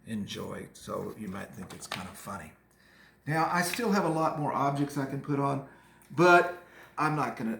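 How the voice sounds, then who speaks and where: A man's voice: mid-range voice, gravelly, echoey room, slight background noise. A man teaching an art lesson to children, chatting them through each step of a craft project. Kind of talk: casual art lesson demonstration for kids.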